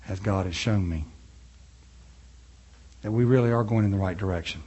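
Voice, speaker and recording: A male pastor delivering a sermon in a conversational way. He asks his listeners questions and moves between loud, high-pitched preaching and quiet, low, soft passages. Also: moderate pace, long pauses, husky, muffled recording.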